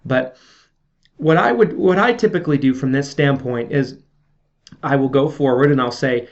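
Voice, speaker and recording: A man's voice: medium pitch, normal speed, long pauses. A man giving a casual video sales training, coaching viewers in a chatty way with frequent check-ins and fillers. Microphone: camera video. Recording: slightly dull lo-fi audio.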